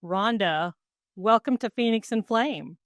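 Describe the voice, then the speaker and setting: A woman's voice: fairly high pitch, measured pace, no room sound, clean studio sound. Eager woman podcast host. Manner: enthusiastic, welcoming. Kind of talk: podcast interview.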